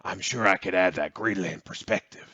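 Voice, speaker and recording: Man doing drawling cowboy man, mocking, lowered voice, dry dull sound. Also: moderate pace, sharp tone, breathy edge, dry recording, heavily acted. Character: drawling cowboy-style male Greenlander, dreamy.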